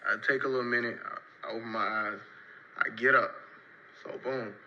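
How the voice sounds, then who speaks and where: A young man telling a casual story-time tale in loose, rambling, slang-heavy talk, marking each turn with a quick "so boom.". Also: steady tone, sharp tone, muffled recording, slight background noise. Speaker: storyteller in a played clip.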